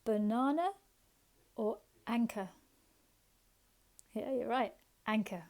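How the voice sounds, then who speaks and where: A woman teaching a phonics lesson to young children, slow and sing-song, encouraging, sounding out letters and asking questions. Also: on the high side, a little mellow.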